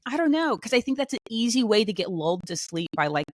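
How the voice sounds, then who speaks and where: A woman co-hosting a podcast in casual chat, talking in an animated way with many fillers and restarts. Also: a little high, fast talker, no echo. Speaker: podcast co-host.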